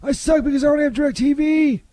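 A man playing a bumbling Saint Peter in a comedy sketch, stammering and quick to take offence. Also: extremely high pitch, warm tone, no room sound. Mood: flustered. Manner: stammering, hesitant, touchy.

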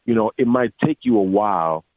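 Casting note: lower-voiced man, lively storyteller, dry phone-like audio. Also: brisk, no echo. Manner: animated storyteller, acts out quotes, many restarts. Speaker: voice actor guest. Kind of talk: casual interview. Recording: dry tinny phone-like line.

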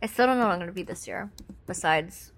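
A woman's voice: lowish voice, expressive, fast. A woman in her thirties co-hosting a podcast, chatting casually and bluntly, giggly and crude. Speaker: podcast co-host. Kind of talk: casual gossip chat.

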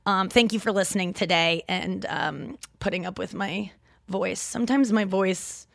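Midwestern woman, 30s, podcast host; talky and animated, full of fillers, mid-range voice, dry room. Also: mid-range voice, normal speed, vocal fry, no echo. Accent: Midwestern American. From St. Louis, Midwest US. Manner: rambling, animated, lots of fillers and self-interruptions. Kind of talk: casual solo podcast chat. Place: home, seated in a chair.

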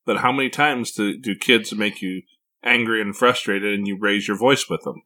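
A man's voice: on the low side, normal speed, bright, forceful tone. A man hosting a casual podcast conversation as a parent, speaking reflectively with frequent repeated words.

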